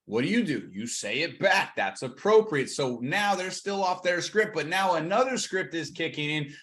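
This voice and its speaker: A man coaching on cold calling, energetic and acting out both sides of the calls. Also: on the high side, normal speed, few pauses. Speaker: real estate coach.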